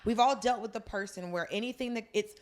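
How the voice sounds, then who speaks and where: A woman co-hosting a drama recap podcast, with a mid-pitched voice. She chats casually, adding reflective commentary and agreement. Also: fairly quick. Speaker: podcast co-host.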